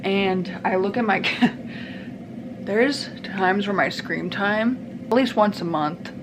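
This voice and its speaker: Young woman, home vlog, rambling, scattered, easily sidetracked, mid-pitched voice, noisy background. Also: slow pace. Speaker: vlogger. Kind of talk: casual get-ready-with-me vlog chat. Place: family room at home, indoors. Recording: audible background noise.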